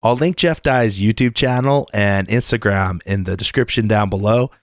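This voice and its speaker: A man's voice: fairly low pitch, normal speed, dry recording, clean studio sound. A man hosting a channel, giving a casual, upbeat sign-off. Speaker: channel host. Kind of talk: video outro.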